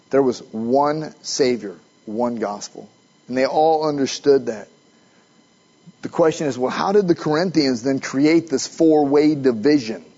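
A man's voice: on the high side, a little mellow, husky, muffled recording. A man preaching a sermon in a conversational way, asking his listeners questions as he goes. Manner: conversational, asks the audience questions.

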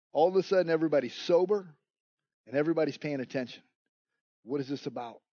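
A man's voice: a little high, darkish tone, dry recording, lo-fi sound. A man preaching a sermon, telling the story dramatically and acting out the scenes. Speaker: pastor.

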